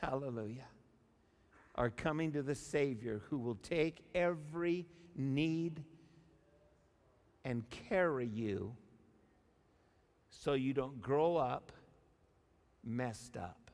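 A man's voice: mid-range voice, slow, long pauses. Man preaching in a reverberant hall. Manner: builds from soft and intimate to loud, animated preaching. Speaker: pastor. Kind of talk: sermon. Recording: long reverb of a large hall.

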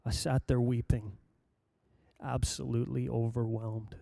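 An older man preaching, telling a personal story in a lively anecdotal way with acted-out quotes. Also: mid-range voice, measured pace, vocal fry, no echo. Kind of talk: sermon storytelling.

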